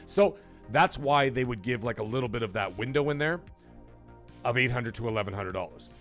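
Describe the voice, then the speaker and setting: A man hosts a live stream in a loose, joking way, swearing freely and reading out viewer messages. His voice sits in an ordinary middle register. Soft music plays faintly under him. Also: medium pitch, animated, brisk. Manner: chatty, joking, loose and profane; reads viewer messages aloud. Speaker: livestream host. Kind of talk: casual live-stream chat.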